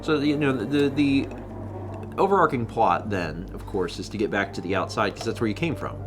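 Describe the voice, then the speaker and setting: A man chatting casually as co-host of a game stream, animated and thinking aloud as he reacts to the game. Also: on the low side, a little fast. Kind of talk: casual gameplay commentary. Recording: music playing behind the voice. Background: game music.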